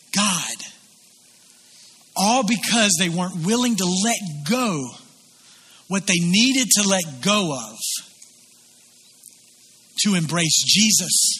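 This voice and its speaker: With a high-pitched voice that is pushed, bright and slightly rough, a pastor narrates a biblical scene in his sermon, speaking the lines of its figures in their own voices.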